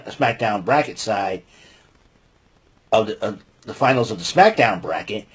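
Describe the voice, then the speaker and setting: A man hosting a casual show, recapping wrestling in an excitable, rambling way and breaking into loud mock quotes. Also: medium pitch, slightly rough. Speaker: podcast host recapping wrestling. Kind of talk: casual chat.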